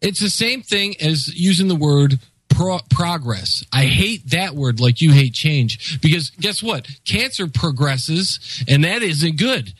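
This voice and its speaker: A man's voice: fairly high pitch, animated, slow pace, a bit bright, husky, no echo, rough recording. A man in casual political chat, emphatic and sardonic.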